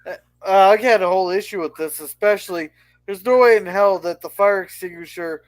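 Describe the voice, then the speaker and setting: A man's voice: high voice, fairly quick. A man on a review panel raising skeptical questions in casual conversation. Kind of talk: casual chat.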